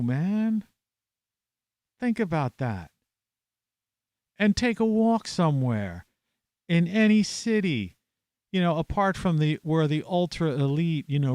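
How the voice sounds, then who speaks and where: Scornful man ranting in a lively voice. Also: a little high, takes it slowly, long pauses, clean tone, dry recording. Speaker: vlogger. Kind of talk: ranting monologue to camera. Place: at home, indoors in an old house.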